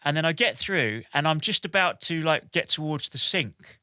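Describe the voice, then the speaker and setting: A man in his forties, a podcast guest telling a lively anecdote in an animated way, with lots of "like" and "basically". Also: a little high, normal speed, no room sound, clean studio sound. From United Kingdom. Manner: animated, with many "like" and "basically" fillers. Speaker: podcast guest, military veteran.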